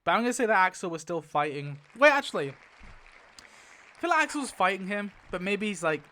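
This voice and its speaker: A man giving casual, excitable commentary while spinning a wheel, laughing often and mumbling lists to himself. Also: high voice, moderate pace. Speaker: YouTuber.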